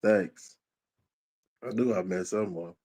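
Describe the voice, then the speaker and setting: A man with a very low, deep voice hosts a casual livestream. He talks in a relaxed, slangy way, greeting viewers by name and reading their comments aloud. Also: moderate pace, low-quality recording. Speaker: livestream host.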